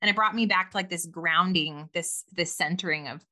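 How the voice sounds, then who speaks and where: A woman co-hosting a casual podcast chat, animated and laughing often, with many "like" fillers. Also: lowish voice, fairly quick. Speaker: podcast co-host.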